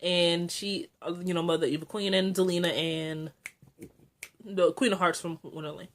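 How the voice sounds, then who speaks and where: A young woman recapping a TV episode in a casual vlog, chatty and excitable, full of fillers and asides. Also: normal speed. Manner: chatty and excitable, frequent "like" and filler, jumps high when excited. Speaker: TV episode reviewer.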